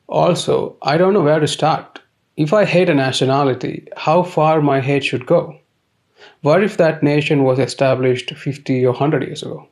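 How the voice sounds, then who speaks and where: A man talks in a dry, deadpan way. His comic monologue is sardonic and matter-of-fact. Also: mid-range voice. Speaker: comedy series narrator.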